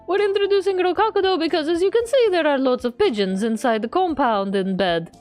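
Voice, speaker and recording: High, lively woman streamer reading game text. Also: brisk, faint music behind. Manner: playful, adds a running joke to every line. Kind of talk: reading game text aloud with jokey commentary.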